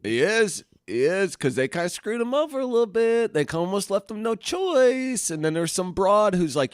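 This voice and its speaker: Laid-back laughing podcast co-host. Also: male voice, high-pitched, sing-song, moderate pace, hardly any pauses, no room sound, studio quality. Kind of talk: casual chat.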